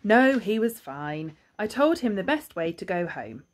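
A woman's voice: mid-range voice, big pitch swings, unhurried. A woman voicing a kind, polite male neighbour hedgehog in a storybook, sounding reassuring.

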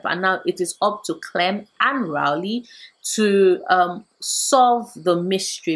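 A woman book vlogger from Nigeria, chatting casually through book recommendations with animated asides. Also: lowish voice, low-quality recording.

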